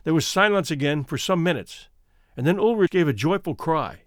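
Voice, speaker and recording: A male host and storyteller reads his narration with lively, expressive swings in pitch. His voice sits a touch high for a man. The sound is close and dry, with no room around it. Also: normal speed, no room sound. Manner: expressive, animated reading. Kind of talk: scripted narration.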